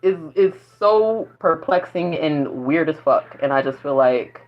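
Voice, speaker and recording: A woman's voice: sits low, lively intonation, unhurried. A woman vlogging in a casual spiritual monologue, rambling and profane, often breaking into laughter. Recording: dull lo-fi recording.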